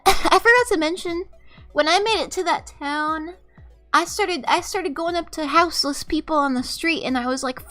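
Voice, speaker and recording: A woman's voice: extremely high pitch, a bit bright. A young woman streamer telling a rambling, profane story in an exasperated, casual way, often laughing. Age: young adult.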